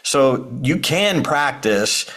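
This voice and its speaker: A man's voice: medium pitch, expressive, drawn-out words, a bit bright. A man with a mid-range voice co-hosts a casual podcast. He asks his guest questions and adds his own practical tips in a friendly way. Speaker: podcast co-host.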